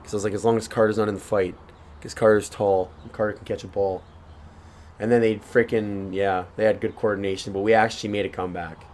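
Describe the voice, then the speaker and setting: Speaking fast in a low, level, darkish voice, this young podcast co-host rambles through a story in casual chat, swearing and laughing along the way. A faint hiss or hum runs under the audio.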